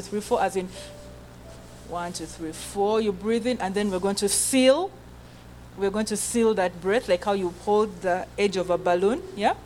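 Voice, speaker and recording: A woman coaching a choir's breathing in an indoor rehearsal room, with a faint hum of room sound behind her. Her pitch sits in a middling range. She counts aloud, gives short commands and keeps checking in with the group. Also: darkish tone, poor audio. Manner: coaxing, checks in often with "okay?". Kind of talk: group breathing and singing lesson.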